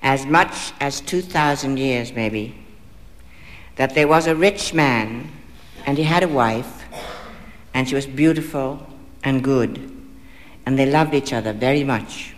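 A man's voice: medium pitch, slow, pauses often. Male storyteller in a reverberant hall. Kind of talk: fairy-tale reading aloud.

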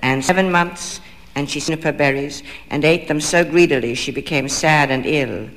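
Man reading a fairy tale, measured and expressive, fairly high voice, long hall reverb. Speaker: storyteller.

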